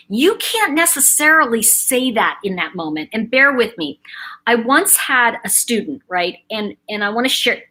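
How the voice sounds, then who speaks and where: Chatty, bright-voiced woman telling stories. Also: fairly high pitch. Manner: chatty, digressive, storytelling with quoted asides. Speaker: host, spiritual teacher. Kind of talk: casual commentary monologue.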